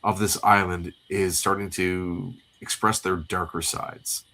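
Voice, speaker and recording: A man's voice: low-pitched, little pitch movement, a little slow, bright, forceful tone. A man co-hosting a casual comic read-through livestream, recapping the plot in a rambling way with many fillers. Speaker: co-host.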